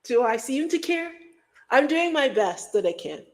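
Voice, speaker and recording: A woman's voice: high-pitched, big pitch swings, unhurried. A middle-aged woman from Guyana hosting a livestream, rambling in casual chat and breaking into hummed beats and mock voices. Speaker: livestream host.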